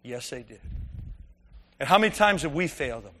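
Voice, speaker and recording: A man's voice: medium pitch, expressive, fairly quick, sharp tone, in a large hall. A man preaching a conversational sermon, telling stories and asking the congregation rhetorical questions.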